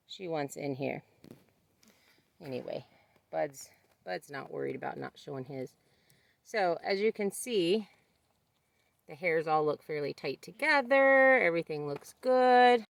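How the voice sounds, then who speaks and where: A woman's voice: medium pitch, animated, a little slow, creaky, long pauses. A woman talking casually to her camera outdoors on a farm, chatting and talking to her animals in a sing-song voice. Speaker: homesteading vlogger. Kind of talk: casual vlog narration.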